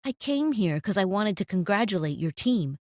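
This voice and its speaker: A woman's voice: medium pitch, sing-song, normal speed, a little mellow, no echo, studio quality, natural voice. A woman voicing a stern, authoritative male cafe owner who scolds his manager, in a storytime narration.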